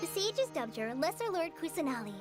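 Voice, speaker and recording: A woman voicing an earnest, slightly nervous young woman apprentice in a game, speaking gently. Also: very high-pitched, very animated, fairly quick. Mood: explaining. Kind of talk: game voice acting. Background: game music.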